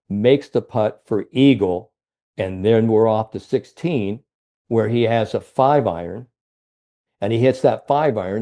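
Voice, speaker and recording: A man from Ohio, a mental performance coach, telling stories as a guest in an interview, with a lively storytelling manner. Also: on the low side. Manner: animated storyteller, frequent "you know".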